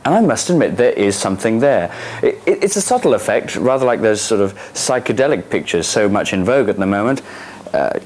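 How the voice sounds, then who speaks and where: A man's voice: fairly low pitch, very animated, brisk, a little mellow. A man presenting a mock-serious documentary, with a pompous, dramatic manner.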